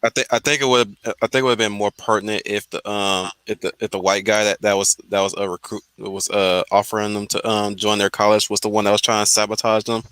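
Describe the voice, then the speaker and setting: A man from Wisconsin in a relaxed group talk, thinking aloud and restarting his sentences. His voice is lowish but bright and very clear. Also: fast, few pauses, poor audio. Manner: rambling, restarts often while musing. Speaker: podcast host. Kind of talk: casual group chat.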